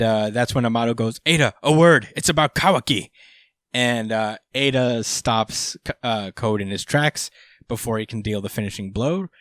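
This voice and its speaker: A man's voice: mid-range voice, no echo, clean studio sound. A man hosting a podcast, casually recapping a comic chapter, swearing freely with lots of fillers. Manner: laid-back, swears freely, many fillers. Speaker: podcast host.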